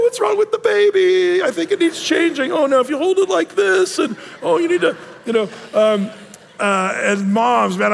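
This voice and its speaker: Casting: joking male pastor, fairly high voice, loose and chatty, live church hall reverb. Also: a bit bright. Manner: chatty, joking, many fillers and restarts. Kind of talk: casual verse-by-verse sermon. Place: church sanctuary.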